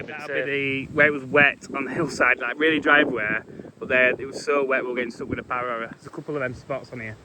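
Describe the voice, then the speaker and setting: Heavy background noise surrounds a medium-pitched man, a young farmer who vlogs. He talks casually outdoors as he walks his windy farm fields, calling out to his dog.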